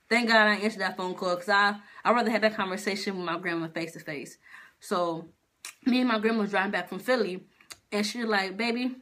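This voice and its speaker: A young woman telling a personal story to camera in a casual, slangy way. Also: mid-range voice. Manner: animated, slangy, talks straight to viewers. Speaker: vlogger.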